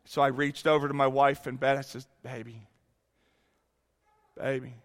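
A man in his fifties preaching a sermon, telling a candid personal story that moves from hushed lines to exclaiming ones. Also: mid-range voice, monotone, quick pace, smooth, in a large hall. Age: 50s. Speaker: pastor.

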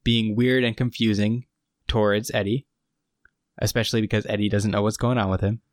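A man's voice: lowish voice, level tone, brisk, no room sound, studio quality. A man co-hosting a podcast, casually recapping a TV episode and quoting its lines with frequent laughs. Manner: retells scenes with quoted lines, laughs often. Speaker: podcast co-host.

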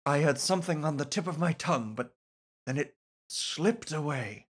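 A man voicing a rambling, forgetful old male lore scholar, reading game dialogue in a measured, softened way. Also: a little high, expressive, slightly rough. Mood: musing.

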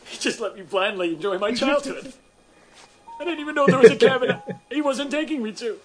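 An indignant grown son complaining in a very high, strained voice. Clear crowd noise sits behind this TV clip. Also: male voice, a little fast. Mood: aggrieved. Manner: aggrieved, complaining. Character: wounded indignant adult son.

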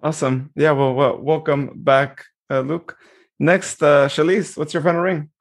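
A man hosting a casual podcast, talking in a relaxed, hesitant way with many fillers. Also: on the high side, unhurried. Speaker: podcast host.

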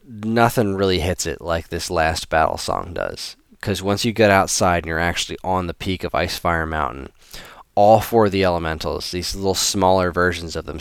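A man with a very low, smooth voice, recorded close and dry. He talks casually and rambles, restarting sentences often while he gushes about a favorite track. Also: a bit bright, no room sound. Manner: rambling, many restarts, enthusiastic. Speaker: host presenting video game music. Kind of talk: casual spoken commentary.

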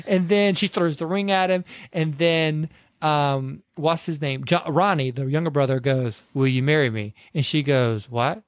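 A man's voice: fairly high pitch, moderate pace, no room sound, clean studio sound. A man co-hosting a podcast, casually retelling movie scenes and acting out the lines, with many fillers. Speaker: podcast co-host. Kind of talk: casual movie recap chat.

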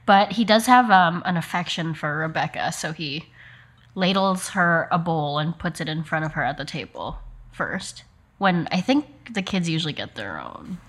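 Woman, tabletop player, casual quick chatter, lowish pitch. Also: lively intonation, fairly bright tone, husky.

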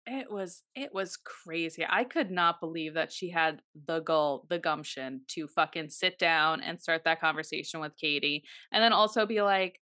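A woman co-hosting a podcast in casual chat, animated and swearing freely as she acts out quotes. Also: deep voice, moderate pace, hardly any pauses, no echo, clean studio sound. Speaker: podcast co-host.

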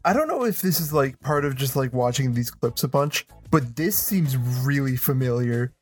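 A woman's voice: very deep voice, lively intonation, normal speed, darkish tone, faint music behind. A woman co-hosting a podcast, musing casually about old TV. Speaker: podcast co-host. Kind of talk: casual chat.

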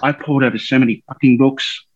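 A man acting in a play rehearsal with an exasperated, lively delivery. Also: medium pitch, brisk. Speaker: actor in a rehearsal. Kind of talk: rehearsal line reading. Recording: dull, slightly noisy audio.

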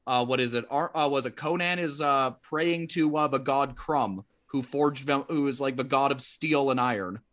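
A man's voice: mid-range voice, moderate pace, few pauses, a bit bright. A man co-hosting a podcast, retelling a film in casual chat with a rambling, storytelling manner. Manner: rambling storyteller, many fillers and restarts. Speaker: podcast co-host.

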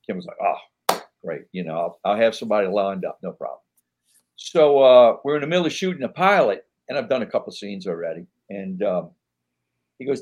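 A man's voice: deep voice, expressive, a little fast, a little mellow, husky. A man, a podcast guest rambling through anecdotes with lots of fillers and voicing the people he quotes. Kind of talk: casual interview storytelling.

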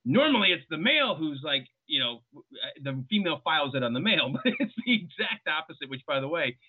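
A man's voice: a little high, very animated, fast, breathy edge. A man guest on a podcast, explaining points at length in casual film talk and acting out short quotes. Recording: tinny phone-like line.

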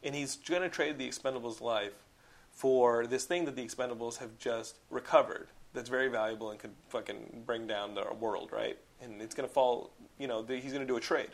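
A young man hosting a podcast in casual chat. He is excitable, swears and says "like" a lot. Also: medium pitch, fairly quick. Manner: excitable, profane, heavy use of "like". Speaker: podcast host.

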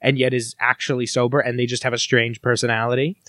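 A man's voice: medium pitch, little pitch movement, fast talker, bright, forceful tone, no echo, clean studio sound. A man co-hosting a comedy podcast with his sister, joking around and slipping into theatrical mock-drama. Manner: jokey, theatrical, drops into mock-dramatic voices. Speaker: podcast co-host. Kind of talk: casual comedic chat.

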